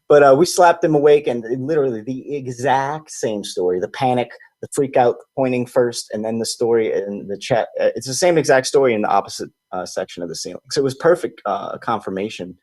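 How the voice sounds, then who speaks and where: A man telling a personal story in a casual, animated way, acting out what his friends said. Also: brisk, husky, no echo. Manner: animated, acts out quoted friends in higher voices. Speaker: podcast host.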